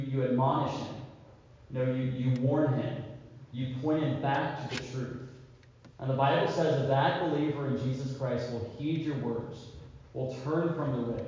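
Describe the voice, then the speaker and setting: A man's voice: medium pitch, warm tone, slight background noise. Male pastor preaching in an echoey hall. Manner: earnest preaching, often repeating words and saying "all right". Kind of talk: sermon. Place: church sanctuary. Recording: dull lo-fi church recording with long hall echo.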